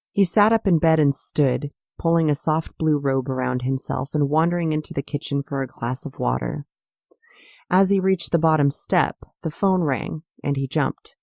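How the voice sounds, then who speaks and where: Low gravelly woman reading her novel. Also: a little mellow, no room sound, clean studio sound. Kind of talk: audiobook narration.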